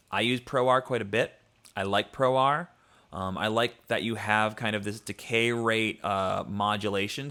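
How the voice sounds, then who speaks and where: Low-voiced man teaching mixing live. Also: sharp tone. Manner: loose and conversational, thinking aloud with frequent ums; explains while demonstrating sounds on his computer. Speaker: music producer teaching mixing. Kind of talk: casual livestream tutorial.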